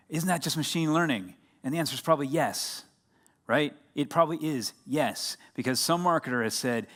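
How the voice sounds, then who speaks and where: A man's voice: medium pitch, fairly bright tone. Chatty American man giving a conference talk. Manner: chatty, engaging the crowd with questions. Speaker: conference speaker. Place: conference hall.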